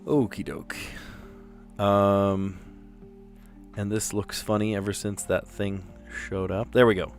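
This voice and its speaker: A man's voice: lowish voice, fairly even intonation, slow pace, long pauses, faint music behind. A middle-aged man, a teacher, chatting casually as he solves word puzzles aloud, muttering letters and laughing at himself.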